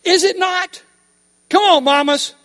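Preacher, male, high pitched, emphatic sermon with call-and-response, long hall reverb. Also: a little slow, pushed and bright.

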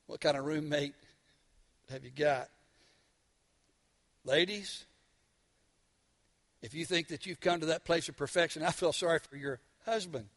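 A male preacher with a high, bright and forceful voice delivers a storytelling sermon. He drives his points home with emphasis and drops to a hush at times. He asks the congregation questions as he goes. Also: long reverb tail. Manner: emphatic, swings from loud to hushed.

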